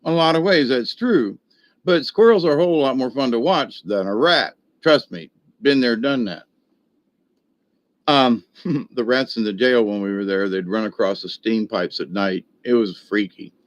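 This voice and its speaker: A man's voice: medium pitch, moderate pace, no room sound. An older man telling a long, rambling folksy story, full of restarts and fillers. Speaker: video host.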